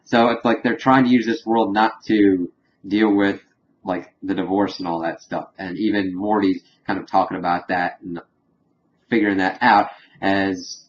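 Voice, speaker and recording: A man casually recapping a cartoon episode in a rambling way, full of fillers and quick acted quotes. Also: sits low, flat delivery. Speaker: reviewer. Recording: dull lo-fi home recording with faint hiss.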